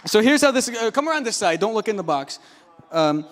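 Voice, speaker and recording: A man with a high voice, working as a youth pastor, hosts church announcements in a joking, rambling way full of fillers and restarts. He speaks into a handheld microphone in a church auditorium. The hall's long reverb trails after every line. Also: sing-song, a little fast, a bit bright, a faint crowd. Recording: long reverb of a large hall.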